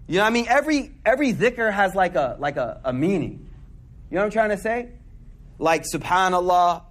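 A man delivers a casual sermon. He talks in loose slang, tells stories and keeps checking in with the audience. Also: sits high. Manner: slangy, conversational, asks the audience questions. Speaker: Muslim speaker giving a talk.

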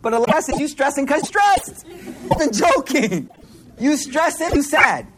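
A man giving an informal religious talk, slangy and animated, swinging between hushed and loud. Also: very high-pitched, measured pace. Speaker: religious speaker. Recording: noisy recording with clicks.

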